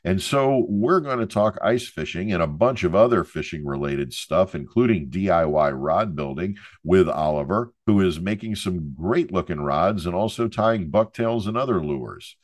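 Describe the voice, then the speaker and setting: A man's voice: low-pitched, lively intonation, normal speed, few pauses, dry recording, studio quality. A middle-aged man from Florida hosting a podcast, delivering a jokey, storytelling monologue with showman patter. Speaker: podcast host.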